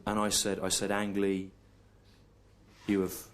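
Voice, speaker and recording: A low-pitched English man tells a story on stage in a dry, deadpan way, lingering on repeated lines and pauses. Loud audience laughter rolls in over the live recording. He sounds like a man in his forties working a comedy room. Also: very noisy. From England. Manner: deadpan, slow and repetitive, with long pauses. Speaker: stand-up comedian. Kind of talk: stand-up storytelling.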